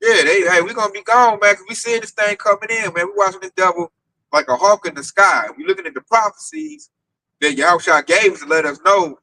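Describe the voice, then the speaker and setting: A man preaching casually to an online audience in an animated, slangy, streetwise way. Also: high-pitched, fairly quick, rough recording. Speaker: teacher leading a group discussion.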